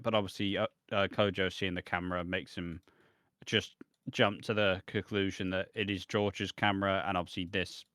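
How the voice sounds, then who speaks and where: Man, british, podcast co-host, lowish voice, dry close sound, rambling casual recap. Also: a bit bright, no room sound. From Britain. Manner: rambling recap with restarts and laughs. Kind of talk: casual chat.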